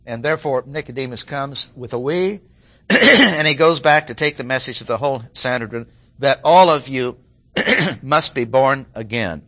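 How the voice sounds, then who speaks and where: A man preaching an expository sermon, emphatic, clearing his throat now and then and acting out quoted lines. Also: mid-range voice, lively intonation, normal speed, pushed and bright. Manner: clears throat often, restarts phrases.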